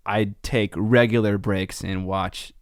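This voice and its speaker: Male podcast co-host, lowish voice, relaxed chatty delivery, dry close mic. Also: takes it slowly, no room sound. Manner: relaxed, chatty, filler-heavy with likes and ums. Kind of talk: casual podcast chat.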